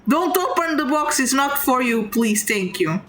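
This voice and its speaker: A woman's voice: high voice, animated, measured pace, a bit bright, roomy sound. A woman streaming live, reacting to a game with gushing slang and talking back to the screen. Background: game music.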